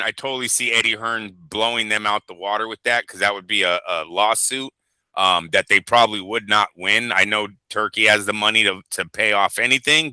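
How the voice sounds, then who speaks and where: A man with a lowish voice and a very sharp, tense edge hosts a boxing chat, speaking in an animated and profane way. He rambles from one point to the next with plenty of fillers. The sound is dry and close, with no room in it. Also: clear, resonant tone, no echo. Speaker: boxing show host. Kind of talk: casual chat.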